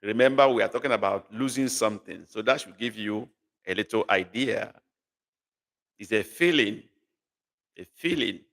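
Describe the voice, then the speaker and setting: A man's voice: lowish voice, normal speed, long pauses, fairly bright tone. A man teaching a live online language class, patiently repeating phrases and coaxing learners to guess. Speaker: language tutor. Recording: long reverb.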